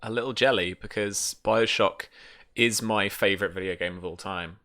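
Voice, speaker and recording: A man hosting a tabletop game, jokey and quick to laugh. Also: fairly low pitch, steady tone, sharp tone. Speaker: game master.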